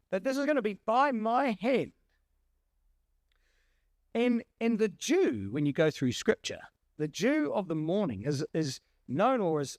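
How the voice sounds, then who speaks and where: A man's voice: high-pitched, a little mellow, dry recording, studio quality. A man leading a Bible study, preaching emphatically and speaking directly to his congregation. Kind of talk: sermon.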